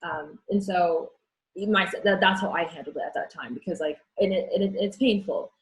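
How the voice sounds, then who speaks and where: A woman's voice: on the low side, normal speed, low-quality recording. A young woman speaking as an interview guest, frank and earnest, often restarting her sentences. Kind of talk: candid conversation.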